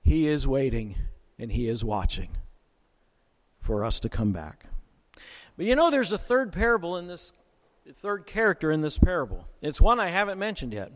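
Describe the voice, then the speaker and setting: High-voiced man preaching in a reverberant church. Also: wildly swooping pitch, normal speed, long pauses. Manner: dramatic, with sharp swings in loudness and pace. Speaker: pastor. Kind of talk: sermon. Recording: long hall reverb.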